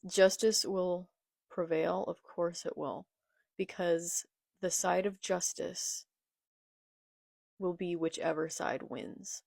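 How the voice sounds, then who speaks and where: A woman's voice: on the low side, fairly even intonation, slow, gravelly, long pauses, darkish tone, dry recording, studio quality. A young woman reading comic dialogue aloud in a casual reaction video and commenting on it between the lines. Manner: reads manga dialogue aloud, then comments. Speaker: manga reaction vlogger. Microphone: phone filmed in portrait.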